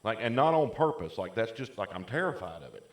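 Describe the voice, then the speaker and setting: A man's voice: on the low side, sing-song, fairly quick, reverberant. A man co-hosting a casual chat podcast, telling long rambling stories full of "like" fillers. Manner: rambling storyteller, many "like" fillers. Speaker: podcast co-host.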